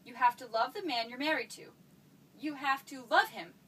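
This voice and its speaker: A woman's voice: high-pitched, animated, normal speed, pushed and bright, breathy edge, full character voice. An actress playing an anxious, evasive mother who keeps dodging her teenage daughter's questions, recorded from a distance. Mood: flustered. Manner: fretful, evasive, pleading. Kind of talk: stage play acting. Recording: distant mic with faint noise.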